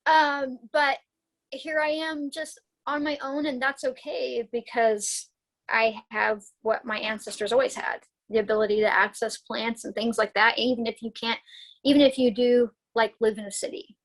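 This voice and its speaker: A woman's voice: a little high, flat delivery, normal speed, poor audio. A woman herbalist talking as a guest in a casual interview while she recovers from a concussion. She rambles in a chatty way, with many restarts, and laughs often.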